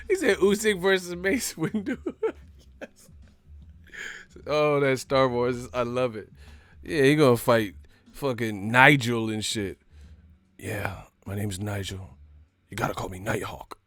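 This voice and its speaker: A man doing loose, rowdy boxing commentary on a live stream, swearing and laughing through his slangy banter. His voice sits at a middle pitch, and the sound is dry and close, with no room around it. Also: no echo. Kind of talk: casual boxing commentary with comic impressions.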